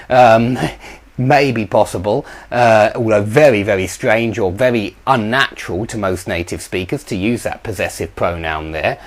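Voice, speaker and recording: Man, English teacher, grammar lesson, patient explaining, lots of ums, pitch jumps around. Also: very animated, moderate pace.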